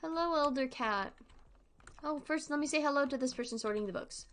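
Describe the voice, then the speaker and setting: A woman's voice: high voice, a little fast, a bit bright. A 22-year-old woman streaming a game, chatting casually and playfully with frequent giggles. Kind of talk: casual gameplay chat.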